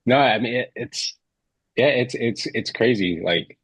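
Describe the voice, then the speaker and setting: A man from California, a fitness professional guesting on a podcast, talking haltingly and repeating words as he searches for his point. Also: mid-range voice, a bit bright, breathy edge, no room sound, rough recording. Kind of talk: casual political chat.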